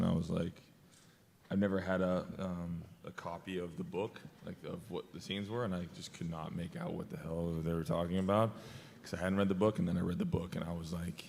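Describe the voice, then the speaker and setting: Gravelly deep-voiced American man, echoey hall. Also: a little hiss or hum. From United States. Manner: animated, laughing, acts out quotes. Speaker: actor on a convention panel. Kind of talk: casual storytelling. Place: large convention hall.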